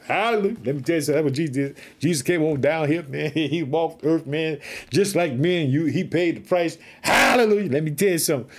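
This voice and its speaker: A man's voice: fairly high pitch, fast talker. A man preaching on his podcast, fired up and calling out hallelujah between Bible readings. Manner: fired-up, exclaims hallelujah often.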